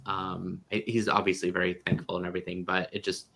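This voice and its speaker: Low gravelly voiced man, easygoing chat. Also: fast. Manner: relaxed, laughs often, trailing fillers. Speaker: co-host. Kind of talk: casual chat.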